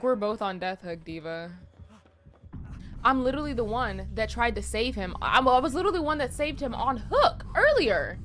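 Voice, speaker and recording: A young adult woman streaming a game, chatting casually with her viewers in animated, profane, slangy banter. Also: fairly high pitch. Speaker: gaming streamer. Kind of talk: casual livestream chat while gaming.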